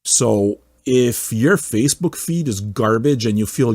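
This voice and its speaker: A man hosting a music podcast, ranting casually and swearing a lot, swinging from loud mocking outbursts to low muttering. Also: animated, normal speed, hardly any pauses, breathy edge, dry recording. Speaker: podcast host. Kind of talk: casual profane rant.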